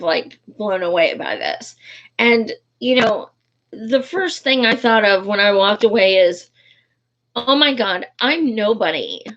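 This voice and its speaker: A woman's voice: medium pitch, fairly bright tone. A woman, a political activist, talking casually and heatedly, swearing often and restarting her sentences, with many fillers. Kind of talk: casual vlog talk. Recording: dull lo-fi recording.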